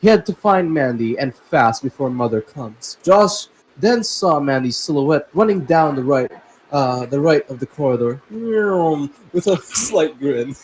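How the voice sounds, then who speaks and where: A man's voice: a little high, expressive, a little slow, slight background noise, rough recording. A young man hosting and narrating a casual story reading, breaking off for joking, laughing asides. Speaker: host and narrator.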